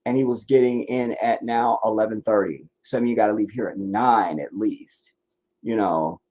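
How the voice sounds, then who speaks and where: A man's voice: on the low side, moderate pace, mellow. A man from the Washington DC area, tired and worn out, hosting a livestream in a rambling casual chat full of restarts and asides. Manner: meandering, many restarts and asides. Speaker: livestream host.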